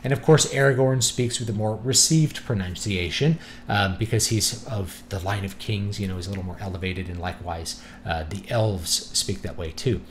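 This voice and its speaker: A man's voice: lowish voice, moderate pace, slight background noise. Easygoing man reviewing books. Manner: relaxed and conversational, thinking aloud. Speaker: book reviewer. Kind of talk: casual spoken review.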